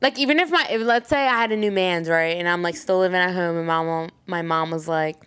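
A woman's voice: lowish voice, brisk, fairly bright tone, smooth. A young woman co-hosting a podcast, blunt and profane, acting out the people in her stories. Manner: blunt, swears freely, acts out voices in her stories. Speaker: podcast co-host. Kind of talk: casual chat.

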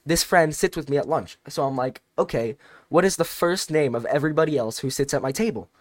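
A man's voice: fairly high pitch, brisk, no room sound, clean studio sound. Rambling young man telling a story. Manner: rambling, animated retelling with restarts. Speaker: podcast co-host. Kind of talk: casual storytelling chat.

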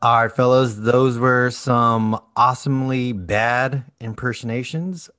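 A man's voice: medium pitch, steady tone, measured pace, a bit bright, dry recording, studio quality. A man hosting a podcast, laid-back casual chat. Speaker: podcast host.

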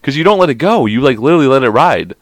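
A man hosts a casual podcast chat with a pitch that leaps up and down. He curses freely and acts out what other people say in put-on voices. The sound is close and dry. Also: racing, dry recording. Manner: animated, profane, mimics voices, laughs a lot. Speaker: podcast host.

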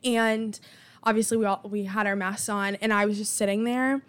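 A woman's voice: medium pitch, moderate pace, clear, resonant tone. A young woman in her twenties, chatting casually and with sarcasm as she tells dating stories, full of filler words. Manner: chatty, animated, with frequent "like" fillers; sarcastic disbelief. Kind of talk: casual storytelling monologue.

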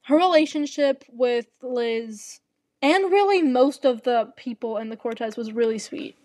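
A young woman with a high voice talks in a casual podcast chat, animated and gushing, with quick asides. Her voice sits dry and close, with little room sound around it. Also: no echo. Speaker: podcast co-host.

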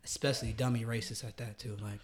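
A young man on a comedy podcast, talking in animated, slangy casual chat and laughing often. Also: mid-range voice, fast. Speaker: podcast co-host.

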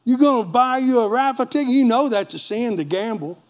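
A sly, tempting devil, voiced by a male preacher, pokes at you with nagging, scolding questions. The voice sits high for a man. He sounds like a doubter whispering in your ear. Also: animated, fairly quick. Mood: needling.

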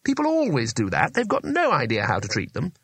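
Guy reading as a mild earnest little tourist guy, soft and fussy, dry close audio. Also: a little high, huge pitch swings, fairly quick, breathy edge, dry recording, exaggerated voice.

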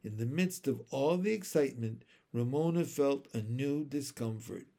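A man reading a children's chapter book aloud in an expressive, unhurried way. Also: mid-range voice. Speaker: storyteller.

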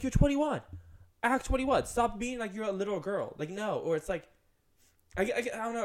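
A man in his twenties co-hosting a casual podcast chat, ranting with lots of fillers. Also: high voice. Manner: ranting, animated, full of "like". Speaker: podcast co-host.

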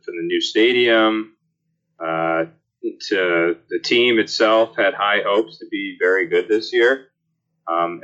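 A man talking as a panelist in casual sports talk, halting, with many ums. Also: lowish voice, bright, forceful tone. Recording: dull lo-fi call audio.

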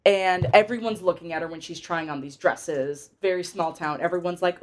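A woman's voice: on the low side, normal speed, few pauses. A woman co-hosting a casual film podcast, recapping the plot in a rambling way full of fillers. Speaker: podcast co-host. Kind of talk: casual film-review chat.

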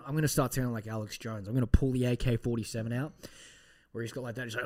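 A man's voice: medium pitch, fast. A man hosting a casual podcast. He rambles off on tangents with a lot of swearing and mock threats. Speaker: podcast host.

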